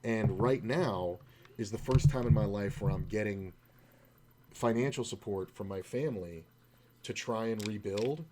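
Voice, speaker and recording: Low-voiced man telling a rambling story. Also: a little slow, very noisy. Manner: rambling, self-interrupting, quotes others in his own voice. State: discouraged, low-key. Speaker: poker streamer. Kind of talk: casual storytelling while playing.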